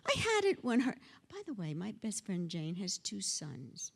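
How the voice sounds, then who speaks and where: A woman's voice: fairly low pitch, animated, unhurried, gravelly, darkish tone, husky. An older woman giving a conference keynote, theatrical and teasing, acting out the voices she quotes. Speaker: keynote speaker. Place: conference hall before an audience.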